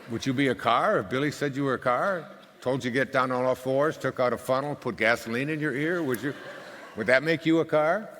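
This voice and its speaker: A man's voice: medium pitch, very animated, normal speed, long pauses, a bit bright, a little hiss or hum. An older man giving a live talk, telling rambling, conversational stories with dry humor. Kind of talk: anecdotal storytelling talk. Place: stage at a live event. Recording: long hall reverb.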